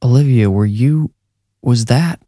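A man's voice: mid-range voice, unhurried, mellow, no echo, studio quality, pitched above the performer's own voice, lightly acted. A man playing a tense, scared father. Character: tense, frightened adult father.

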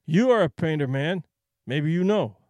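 A man's voice: on the high side, animated, moderate pace, darkish tone, dry recording, close to an everyday voice. A man voicing a grave, plain-spoken male wilderness guide who talks in terse, simple, broken phrases, in a dry recording. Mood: grave puzzlement.

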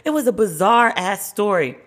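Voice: mid-range voice, very animated, moderate pace, fairly bright tone. A podcast host giving casual, candid commentary alone, wry and opinionated, with slangy asides.

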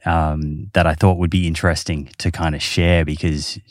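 A man's voice: extremely low pitch, level tone, normal speed, dry recording, studio quality. A man hosting a podcast, explaining research casually with many fillers. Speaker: podcast host. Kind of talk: casual chat.

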